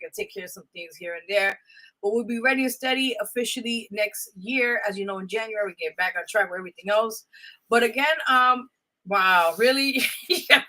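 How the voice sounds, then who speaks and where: A young woman hosts a live stream from what sounds like a home studio, her voice sitting a little high. She rattles along quickly and rambles, breaking into laughs between thoughts. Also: bright, forceful tone. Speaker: radio show host. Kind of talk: casual live-show chat.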